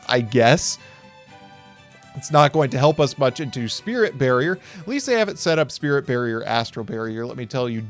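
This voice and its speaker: A man giving casual play-by-play commentary on card game duels, wry and upbeat, talking to viewers as folks, with hiccups breaking in. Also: medium pitch.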